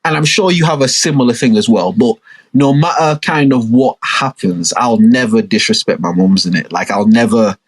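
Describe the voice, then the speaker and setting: A young man telling a story on a podcast, animated and full of street slang. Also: mid-range voice, moderate pace, slightly rough, poor audio. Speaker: podcast co-host. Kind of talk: casual storytelling chat.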